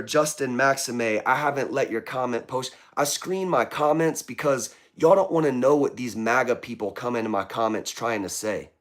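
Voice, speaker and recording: A man hosting a live political vlog, reading viewer comments aloud and answering them with impassioned, preachy commentary. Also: medium pitch. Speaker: political vlogger.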